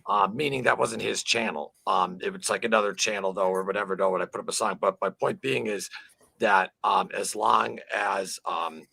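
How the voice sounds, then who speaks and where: A man's voice: fairly low pitch, steady tone, normal speed, vocal fry, bright, forceful tone, slightly rough. A man hosting a casual livestream chat, rambling with lots of fillers and swearing freely. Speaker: livestream host.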